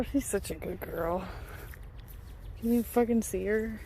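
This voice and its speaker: A young woman filming a casual barn vlog outdoors. She swears freely and coos at the animals in a high, sing-song voice. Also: a little slow, warm tone, slight background noise. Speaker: vlogger.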